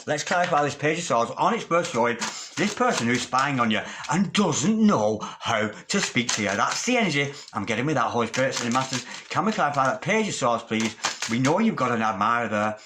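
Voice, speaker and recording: A man's voice: medium pitch, very animated, brisk, background noise. A man giving a tarot reading in a theatrical, sing-song manner, calling the listener darling. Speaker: tarot reader.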